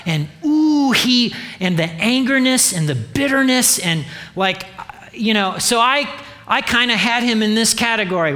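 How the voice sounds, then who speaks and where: High, bright-voiced pastor preaching. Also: male voice. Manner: humorous, animated storytelling with acted-out dialogue. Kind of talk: sermon.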